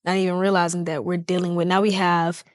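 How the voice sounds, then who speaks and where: A woman's voice: fairly low pitch, level tone, quick pace, no echo. Empathetic woman host, dry close sound. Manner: empathetic, affirming, conversational. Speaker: interview host. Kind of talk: conversational interview.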